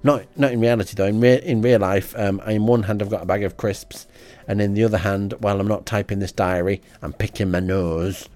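A man reading out a comic diary in a deadpan, rambling way. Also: fairly low pitch, a little fast, soft background music. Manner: deadpan and rambling, with frequent ums. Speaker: comedy podcast host.

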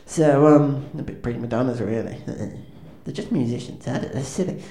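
There's slight background noise as a man with a dark, mid-range voice rambles at a moderate pace. The comedic frontman of a band, he delivers stand-up patter that's awkward, self-deprecating and hesitant, with many ums and restarts, in an echoey room with faint ambience.

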